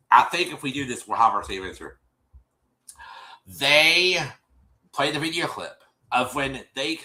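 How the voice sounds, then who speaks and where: A man's voice: medium pitch, sharp tone. A man hosting a show, casually recapping a reality episode, rambling with many restarts and acting out quotes.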